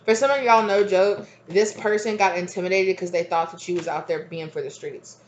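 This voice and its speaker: Speaking fairly quickly in a rather low voice, this tarot reader chats her way through a reading, circling back over points and filling gaps with ums and asides. She laughs readily, and the audio is lo-fi.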